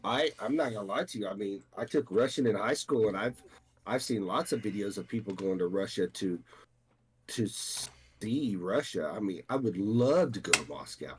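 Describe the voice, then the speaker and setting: A man's voice: fairly low pitch, lively intonation, normal speed. A man from the United States co-hosting a podcast in casual chat, rambling with frequent restarts and fillers. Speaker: podcast co-host.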